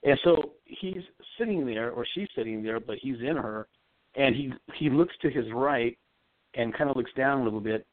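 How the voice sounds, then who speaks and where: Speaking at normal speed over a thin, dry phone line, a man with an ordinary middle-pitched voice tells a long story on a call-in show. He is a psychic medium, rambling, earnest and conversational. The recording is dry, close and dead, without any room sound.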